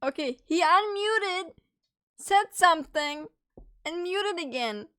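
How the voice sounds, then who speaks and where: A woman's voice: very high-pitched, lively intonation, slow, bright, forceful tone. A young woman live-streaming in casual chat, teasing her friends playfully and swearing freely.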